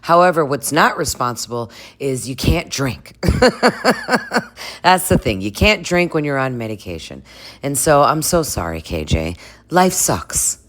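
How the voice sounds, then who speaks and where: A woman's voice: extremely low pitch, big pitch swings, a little slow. A woman chatting casually through a reality TV recap, crude and laughing often, mimicking the people she talks about. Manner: chatty and crude, laughs a lot, puts on voices for cast members. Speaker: recap vlogger.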